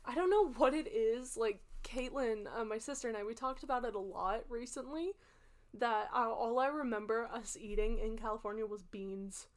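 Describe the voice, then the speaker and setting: A woman's voice: on the high side, normal speed. A young woman co-hosting a podcast, casually telling rambling childhood stories with frequent laughter. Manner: rambling anecdotes, laughs often. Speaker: podcast co-host. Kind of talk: casual chat.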